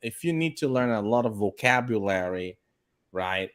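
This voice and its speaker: A man hosting a casual interview who reads out viewer questions in a relaxed way. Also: lowish voice, moderate pace. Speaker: host.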